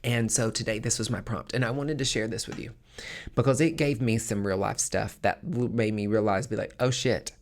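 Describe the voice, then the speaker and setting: A man's voice: lowish voice, fairly quick. A man hosting a podcast, talking in a frank, casual monologue and swearing freely. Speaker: podcast host.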